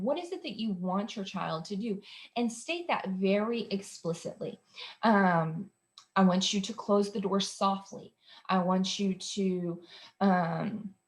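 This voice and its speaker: A woman hosting an instructional talk for parents. She explains behavior strategies in a conversational way, with frequent ums and uhs. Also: medium pitch. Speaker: behavior specialist host.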